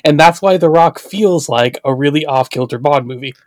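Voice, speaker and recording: A man's voice: on the high side, normal speed, no room sound. A man co-hosting a podcast, chatting casually and making playful jokes. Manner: joking, playful asides. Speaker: podcast co-host. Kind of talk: casual chat.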